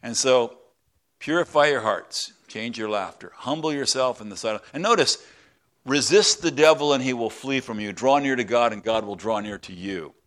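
A male pastor preaching a sermon in a conversational way, with halting restarts and drops into quiet, prayerful tones. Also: mid-range voice, animated.

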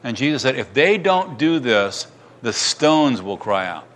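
A man's voice: medium pitch, very animated, a little slow, a bit bright. A middle-aged man preaching a sermon as pastor in a church, acting out crowd cries and restarting his sentences.

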